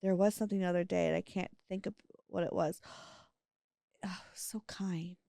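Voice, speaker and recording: A woman's voice: fairly low pitch, fairly even intonation, fast talker, vocal fry, warm tone, clear, resonant tone, dry recording, clean studio sound. Chatty woman co-host telling a story. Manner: chatty storyteller, laughs easily. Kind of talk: casual chat.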